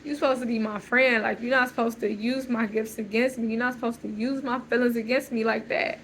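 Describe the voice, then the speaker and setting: A woman's voice: a little high, steady tone, a little fast, fairly bright tone, slight background noise, low-quality recording. A woman in an unscripted emotional monologue, rambling and agitated, repeating "like" as she talks. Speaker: vlogger.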